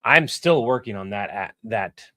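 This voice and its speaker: A man's voice: on the low side, expressive, sharp tone, no room sound. A man voice actor chatting casually on a live stream while editing, rambling and critical of his own takes. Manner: rambling, self-critical, halting. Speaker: voice actor and video editor.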